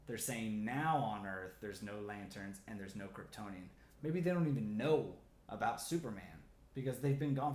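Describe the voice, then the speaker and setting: A man hosting a comic theory video, talking casually and excitedly with lots of "like" fillers. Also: medium pitch, echoey room. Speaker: comic theory channel host.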